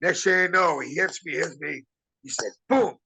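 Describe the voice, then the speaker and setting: Male interview guest, husky, bright and forceful delivery, rambling storyteller who acts out quoted dialogue. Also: a little high, moderate pace, poor audio. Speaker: interview guest, former wrestler. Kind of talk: casual storytelling.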